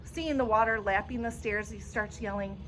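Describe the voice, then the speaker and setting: A woman librarian reading a children's chapter book aloud in clear, expressive storytelling. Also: medium pitch, normal speed, slight background noise.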